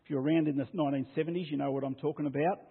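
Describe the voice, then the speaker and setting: A man preaching a sermon as pastor, swinging from loud declarations down to a hushed near-whisper. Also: on the high side, fairly even intonation, racing, slightly rough. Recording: tinny phone-like sound.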